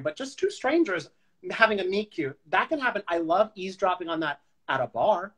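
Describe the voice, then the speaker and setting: A man's voice: high voice, animated, brisk, fairly bright tone, low-quality recording. A man hosting a casual chat show, joking and teasing his guest and laughing often. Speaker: host.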